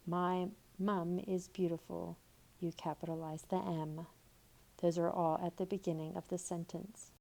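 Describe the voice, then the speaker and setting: A woman teaching a recorded grammar lesson, reading example sentences slowly and deliberately. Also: on the low side, warm tone. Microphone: tablet microphone.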